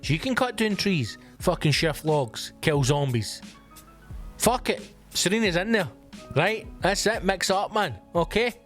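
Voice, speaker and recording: A Scottish man hosting a solo comedy podcast, swearing and ranting in an excitable, animated way. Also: high-pitched, a little slow, faint music behind. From Scotland. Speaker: podcast host.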